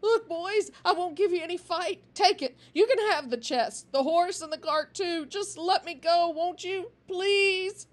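A woman's voice: very high-pitched, measured pace, few pauses, pitched above the performer's own voice. A woman voicing a terrified cart driver who begs for mercy in a trembling voice. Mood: pleading. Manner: trembling, begging. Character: terrified middle-aged male cart driver.

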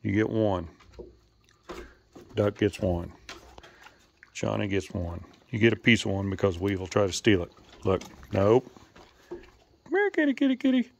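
Gravelly man coaxing his animals. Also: on the low side, fairly even intonation, measured pace, pauses often, a little mellow, slight background noise. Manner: coaxing and scolding, short commands. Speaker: owner feeding and grooming his animals. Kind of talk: casual talk to animals.

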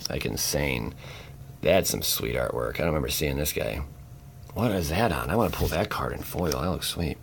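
A young man giving casual, jokey commentary as he opens card packs, breaking into sudden loud exclamations. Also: extremely low pitch, expressive, moderate pace, vocal fry, a little hiss or hum. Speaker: channel host opening card packs. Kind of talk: casual pack-opening commentary.

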